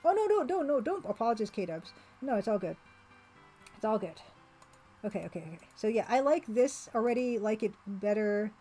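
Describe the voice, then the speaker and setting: Chatty woman streamer with mellow voice. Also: a little high, big pitch swings, moderate pace, soft background music, low-quality recording. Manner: chatty, laughs often, reads on-screen text aloud. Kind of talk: casual live-stream chat while playing a retro game.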